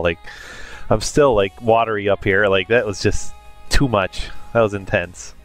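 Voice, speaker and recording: A man's voice: fairly low pitch, fairly even intonation, moderate pace, a bit bright, soft background music. A man hosting anime reactions in casual commentary, emotional and gushing, with many fillers. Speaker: anime reaction channel host.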